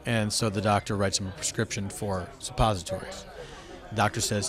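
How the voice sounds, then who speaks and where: A man's voice: on the low side, steady tone, fast talker, a crowd in the background. A man telling a joke in a chatty manner, opening with fillers.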